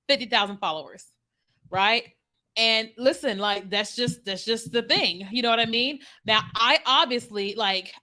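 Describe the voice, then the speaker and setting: A woman's voice: on the high side, bright, forceful tone. A woman marketing strategist talking casually and animatedly to her viewers, with laughs and asides. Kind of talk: casual direct-to-camera talk.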